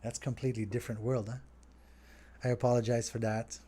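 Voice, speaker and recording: A middle-aged French Canadian man from Montreal, a restaurant owner, hosts a Q&A on his podcast, answering viewer questions in a relaxed way that rambles a little. He talks straight to his viewers in a brisk, husky, mid-range voice.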